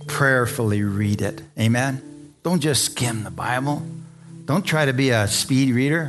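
Pastor, male, mid-range voice, emphatic preaching with drawn-out stressed phrases and calls for amen. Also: mid-range voice, music in the background. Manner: emphatic, slows down to stress lines, calls for amens. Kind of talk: sermon.

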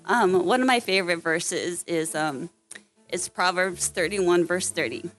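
Woman, gentle hesitant church talk, soft music under. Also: fairly low pitch, measured pace. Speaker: mother addressing the congregation. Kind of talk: short church address. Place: church service.

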